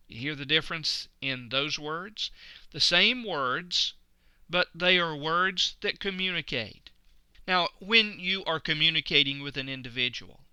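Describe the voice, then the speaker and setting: Bright, clear-voiced male lecturer. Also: a little high, dry recording. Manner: slow, deliberate emphasis on key words. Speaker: instructor. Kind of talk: recorded lecture.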